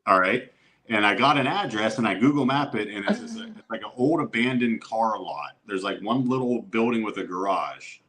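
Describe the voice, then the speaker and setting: A man's voice: fairly low pitch, moderate pace. A middle-aged man, a guest on a casual podcast, telling a long story with swearing and acted-out quotes. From Youngstown area, Ohio, USA. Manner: animated storyteller who swears and acts out quotes.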